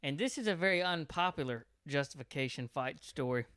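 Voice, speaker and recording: Man, podcast co-host, joking asides, fairly high voice, smooth tone. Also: lively intonation, a little fast, fairly bright tone, no echo, clean studio sound. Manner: joking, chiming in with wisecracks. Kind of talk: casual chat.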